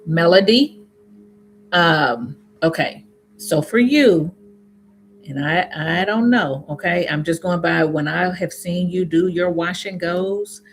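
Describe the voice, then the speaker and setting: A Southern US woman hosts a YouTube live stream, casually reading viewer comments aloud and answering with sudden high, laughing exclamations. She takes her time, and faint music plays behind her.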